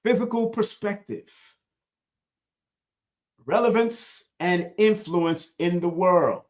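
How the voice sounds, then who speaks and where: A man hosting a live-streamed spiritual lesson, preachy and emphatic, repeating lines for weight. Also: slow. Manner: swings between loud high bursts and low quiet asides.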